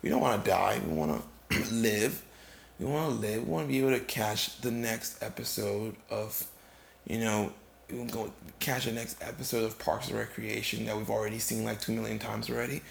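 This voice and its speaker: A man telling a rambling comic story, halting and restarting often, tired and yawning. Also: fairly low pitch, vocal fry. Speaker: comedic storyteller. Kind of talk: improvised comedic monologue. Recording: echoey room with faint noise.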